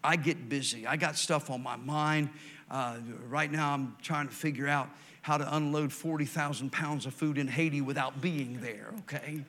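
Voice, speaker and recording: An older man preaching, telling folksy stories and swinging from loud emphatic lines to quiet, slow ones. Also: on the high side, fairly even intonation. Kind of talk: sermon.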